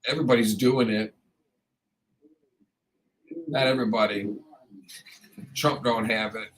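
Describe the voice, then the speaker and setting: A man's voice: medium pitch, fairly even intonation, unhurried, a bit bright, slight background noise, rough recording. A man hosting a morning radio show in a studio, chatting casually in a rambling, joking, self-deprecating way, with a slightly froggy voice. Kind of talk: casual on-air chat.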